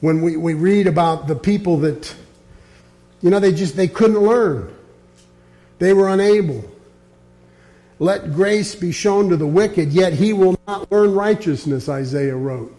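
A man preaching a sermon, reading scripture aloud and dropping low and quiet to press his points. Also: a little slow. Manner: earnest, quotes scripture, drops low and quiet on key points.

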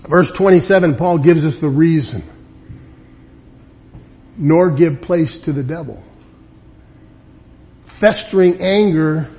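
A man preaching a sermon, emphatic, acting out the people he quotes. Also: sits high. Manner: emphatic, acts out quoted people with lively swings. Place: church or meeting room.

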